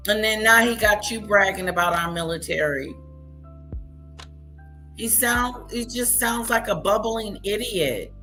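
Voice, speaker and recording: A woman's voice: mid-range voice, measured pace, pushed and bright, soft background music. A woman hosting a reaction stream, scornfully talking back at the clips she plays. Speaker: commentary streamer. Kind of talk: reaction commentary.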